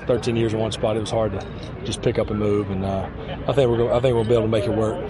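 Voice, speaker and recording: A man's voice: lowish voice, little pitch movement, fast talker, crowd noise. A man being interviewed outdoors at training camp as a football player, talking earnestly and falling back on cliches. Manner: earnest, repetitive, cliche-laden.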